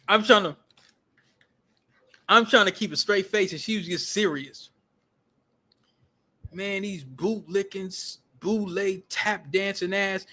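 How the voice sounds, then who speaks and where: A man with a high-pitched voice tells a story with animated, emphatic delivery. He speaks casually, uses slang and profanity, and repeats phrases for emphasis. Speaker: vlogger.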